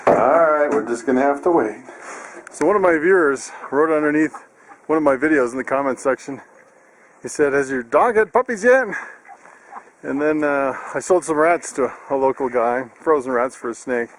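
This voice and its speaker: A man's voice: medium pitch, moderate pace. A man talking casually to his camera on his farm, chatty, laughing often, with plenty of fillers and restarts. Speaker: farm vlogger. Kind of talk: casual vlog narration. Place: outdoors on a farm.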